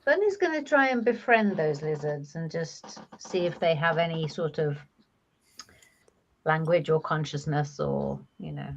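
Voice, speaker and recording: Slow-talking woman player, lowish voice. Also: animated, lo-fi sound. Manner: chatty, with restarts. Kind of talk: casual tabletop play.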